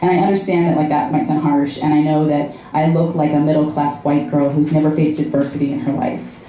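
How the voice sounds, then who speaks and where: A young woman performs wry, self-mocking stand-up in a low, mellow voice. She talks directly to the crowd. The sound is echoey. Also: flat delivery, brisk, slight background noise. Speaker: stand-up comic. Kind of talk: stand-up set. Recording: echoey club hall.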